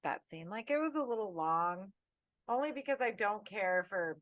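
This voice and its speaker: A woman co-hosting a casual horror podcast, ranting with lots of swearing in an animated, tipsy way. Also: medium pitch, moderate pace, dry recording. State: tipsy and tired. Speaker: podcast co-host.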